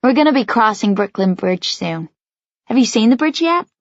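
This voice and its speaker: A woman voicing a cheerful, easygoing teenage boy who talks in a relaxed, playful way. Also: a little high, normal speed, no room sound. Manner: relaxed, playful, gently reassuring. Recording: dry, slightly dull studio sound.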